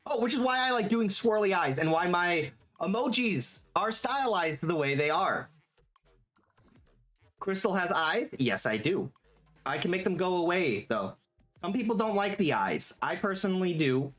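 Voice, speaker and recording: A live streamer chatting casually while working, reading chat aloud, swearing freely and quick to get excited and laugh. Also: mid-range voice. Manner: gets excitable and laughs easily. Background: faint background music.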